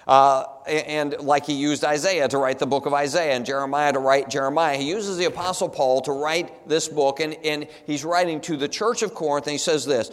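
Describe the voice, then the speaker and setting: Male pastor mid-sermon, slightly high-pitched, emphatic, quizzing the pews, recorded in a reverberant sanctuary. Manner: emphatic, asks the congregation rhetorical questions. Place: church sanctuary. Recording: long hall reverb in a church.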